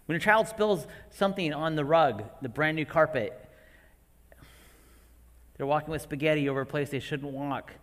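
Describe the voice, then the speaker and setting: A man in his forties preaching a sermon to parents, animated and acting out his own outbursts. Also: medium pitch. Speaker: pastor. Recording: long hall reverb.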